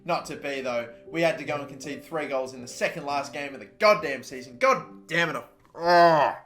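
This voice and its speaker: A young man, commentating his own football video game play, swearing often and shouting at his players. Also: a little high, moderate pace. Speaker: gaming YouTuber. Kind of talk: live gameplay commentary.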